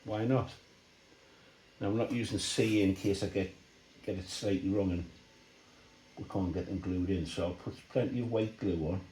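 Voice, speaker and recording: A man talking through a model build, relaxed and thinking aloud as he explains each step. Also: low-pitched, moderate pace, long pauses, a little hiss or hum. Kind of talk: workshop build commentary. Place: hobby workshop bench. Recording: roomy workshop echo.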